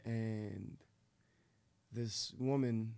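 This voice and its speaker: A man co-hosting a morning radio show, telling a story in a casual, animated way and acting out the voices of the people in it. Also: lowish voice, extremely slow, vocal fry, slight background noise.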